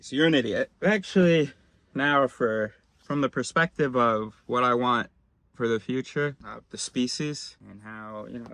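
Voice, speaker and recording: A man's voice: medium pitch, a bit bright, no echo. Sardonic man rambling into a dry mic. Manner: sardonic, rambling, shifts suddenly between mutters and bursts. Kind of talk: satirical monologue commentary. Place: home desk, recording his screen.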